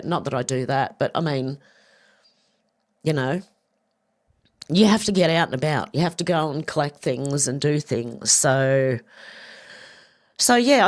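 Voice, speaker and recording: An Australian woman hosting a casual livestream, rambling and chatty as she talks to viewers and reads their comments. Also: lowish voice. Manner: rambling, chatty, repeats herself, quick laughs. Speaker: livestream host.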